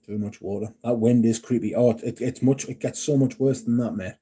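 A man's voice: mid-range voice, fairly even intonation, a little fast, dark tone, husky. A man hosting a casual livestream, chatting and joking with viewers and swearing freely. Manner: sweary, joking banter with chat. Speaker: livestream host. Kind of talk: casual livestream chat reading comments.

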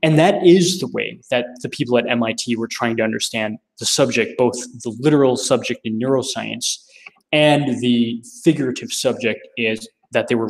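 American man, young adult, casual philosophy lecture, mid-pitched voice, restarts as he thinks. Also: rough recording. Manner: thinking aloud with many restarts. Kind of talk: informal lecture to camera.

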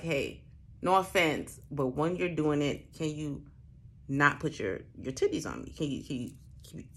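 A young woman telling a story in casual chat, animated and profane, acting out the people in it. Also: deep voice. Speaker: storyteller host.

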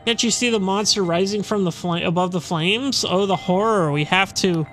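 A man's voice: high-pitched, normal speed, a bit bright, a little hiss or hum. A man reading out a nervously polite, flustered female village mayor from a game. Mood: frantic. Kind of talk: reading game dialogue aloud.

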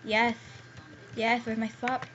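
Excitable high-voiced young woman gamer. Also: slow. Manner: excitable, squeals and pleads when scared. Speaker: gaming YouTuber. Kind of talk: gameplay commentary. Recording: dull lo-fi home recording with faint hiss.

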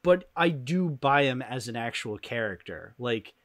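A man's voice: mid-range voice, expressive, a little slow. A man co-hosting a podcast, chatting casually about movies and rambling with many fillers and restarts. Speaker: podcast co-host.

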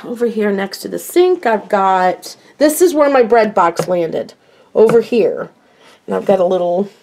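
A woman's voice: mid-range voice, a little mellow. An older woman chatting casually through a home tour of her kitchen, rambling and self-mocking.

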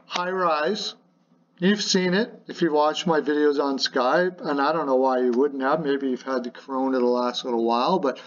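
A man with a slightly high voice runs a playful hockey rumour show from his apartment. He rambles along with fillers and jokes. The recording sounds a little dull and lo-fi. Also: a little hiss or hum. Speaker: hockey podcast host. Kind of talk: casual hockey rumour talk. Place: home apartment.

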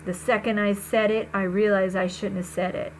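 A woman reading a first-person novel aloud, conversational and expressive, with small slips. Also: mid-range voice, normal speed, a little hiss or hum, rough recording. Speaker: reader.

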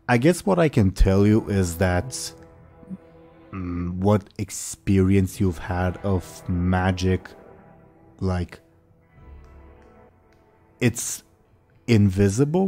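Man, game master, low pitch, warm tone, rambling with fillers, hiccuping, voice call. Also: soft background music. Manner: rambling, halting, many fillers. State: has the hiccups. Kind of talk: narrating a tabletop game.

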